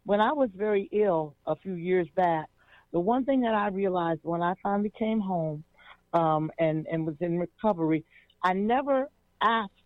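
Woman, jazz singer, interview guest, expressive storyteller, thin phone-like sound, dry. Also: lowish voice, normal speed, no echo. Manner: expressive, repeats words when starting a thought. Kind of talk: animated personal storytelling. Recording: tinny phone-like line, dry.

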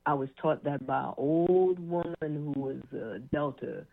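A man's voice: fairly high pitch, measured pace, vocal fry, dry recording. A man hosting a casual interview, speaking unhurriedly and adding affirming interjections. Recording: tinny phone-like line, dry.

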